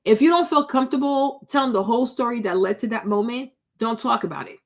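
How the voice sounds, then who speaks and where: A woman's voice: on the high side, fast. A woman giving blunt, sassy reaction commentary, scolding someone with pointed rhetorical questions. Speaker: commentary vlogger.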